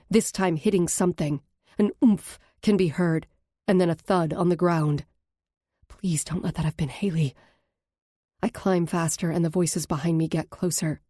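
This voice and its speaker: A woman narrating a first-person audiobook in a lowish, mellow voice. Her delivery is steady and earnest, recorded close on a studio mic with a dry, dead sound. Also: no echo.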